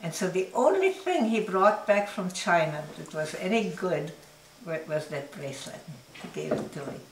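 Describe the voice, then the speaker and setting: An older woman telling her life story in an interview, reflective and unhurried, often laughing softly as she talks. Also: lowish voice, expressive, a little hiss or hum, low-quality recording. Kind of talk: oral history recollection.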